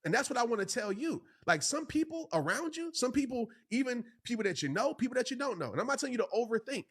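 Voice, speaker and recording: Fast, emphatic motivational man. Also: extremely high pitch, sing-song, a bit bright, husky. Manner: emphatic, repeats phrases for stress, preacher-like cadence; addresses listeners directly as "y'all" and "bro". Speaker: podcast host and motivational speaker. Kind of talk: motivational podcast monologue, preaching.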